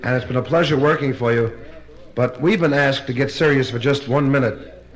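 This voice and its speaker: A man telling jokes in a nightclub stand-up routine, with brisk punchline timing before a live audience. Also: medium pitch. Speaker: stand-up comedian. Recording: live LP recording with distant crowd laughter.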